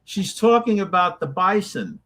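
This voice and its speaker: Animated, high-pitched ranting man. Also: normal speed. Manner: animated, ranting, breaks into mocking voices. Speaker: co-host. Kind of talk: casual political chat show banter.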